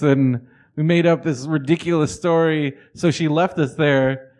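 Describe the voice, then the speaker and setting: A man's voice: on the high side, steady tone, measured pace, darkish tone. A man in his thirties co-hosting a podcast, chatting casually in a laid-back, agreeable way. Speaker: podcast co-host. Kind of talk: casual chat.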